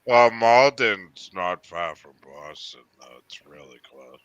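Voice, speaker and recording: A man's voice: lowish voice, animated, takes it slowly, lo-fi sound, a crowd in the background. A man from Cape Cod with a Massachusetts accent, rambling and swearing in a casual chat as host, with lots of fillers. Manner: rambling, profane, many fillers.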